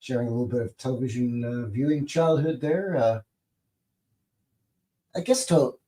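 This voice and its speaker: A man's voice: mid-range voice, normal speed, warm tone. Fifty-something man in rambling, joking commentary. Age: 50s. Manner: rambling, joking asides, many fillers. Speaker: channel host. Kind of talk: casual livestream commentary over TV clips.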